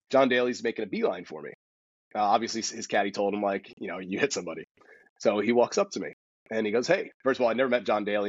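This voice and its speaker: Male guest and golf instructor, low-pitched, husky, quick animated storyteller, dull recording. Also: dry recording. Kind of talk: casual storytelling.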